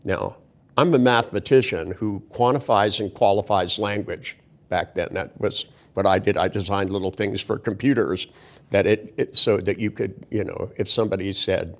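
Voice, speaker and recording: An older man with a low, gravelly voice tells a long story in a loose, rambling way. He is blunt and profane and drops crude jokes between restarts and asides. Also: normal speed, a bit bright. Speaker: speaker telling a story. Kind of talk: casual anecdotal storytelling.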